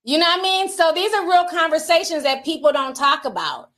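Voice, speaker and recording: A woman's voice: very high-pitched, lively intonation, a little fast, a bit bright. A woman hosting a casual livestream, chatting and reading out viewer super chats, laughing often.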